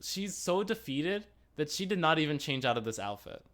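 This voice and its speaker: A man's voice: a little high, big pitch swings, moderate pace, fairly bright tone. Chatty man reviewing a show. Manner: chatty, rambling, with frequent restarts and asides. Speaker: podcast co-host. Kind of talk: casual chat reviewing a TV episode.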